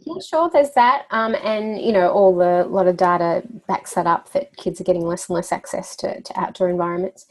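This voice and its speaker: A woman's voice: on the low side, moderate pace, few pauses, darkish tone. A woman guest in a casual interview, talking as a children's wellbeing coach with a chatty storyteller's manner, laughing now and then and using lots of fillers. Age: adult parent.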